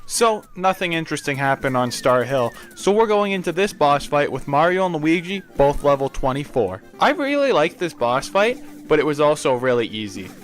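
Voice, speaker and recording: A man's voice: fairly high pitch, sing-song, moderate pace, hardly any pauses, faint music behind. A young man narrating his gameplay in a casual, opinionated way, with crude offhand jokes.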